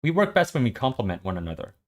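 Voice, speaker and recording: A man's voice: medium pitch, big pitch swings, racing, pitched above the performer's own voice, lightly acted. A man voicing a confident, persuasive teenage girl while reading a story aloud.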